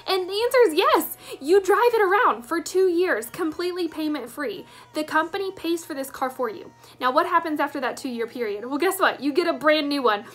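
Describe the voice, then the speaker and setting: A woman's voice: high voice, expressive, fairly quick, few pauses, a bit bright. A woman, telling her story as a sales director with enthusiastic emphasis. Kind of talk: personal testimonial.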